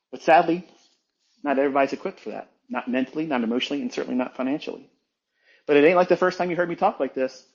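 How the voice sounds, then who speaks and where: Blunt, profane man with dull lo-fi sound. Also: mid-range voice. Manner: blunt, profane, emphatic, repetitive. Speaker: trading mentor. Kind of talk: profane motivational monologue.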